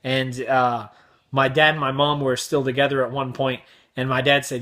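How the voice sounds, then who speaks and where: Brash, bright-voiced young man ranting. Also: medium pitch, fairly even intonation, normal speed. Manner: brash, exaggerated, crude. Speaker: vlog host. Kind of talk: comedic rant.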